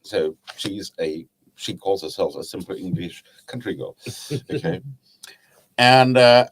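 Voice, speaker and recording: German-accented man with a low, lively voice. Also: unhurried, poor audio. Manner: chatty, laughs at his own anecdotes. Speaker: woodturning club guest. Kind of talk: casual storytelling chat.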